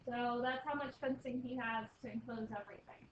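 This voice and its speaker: A woman's voice: a little high, steady tone, fairly quick, recorded from a distance. A woman teaching a math class, coaxing her students along with questions and encouragement. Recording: echoey muffled room recording from afar, noisy.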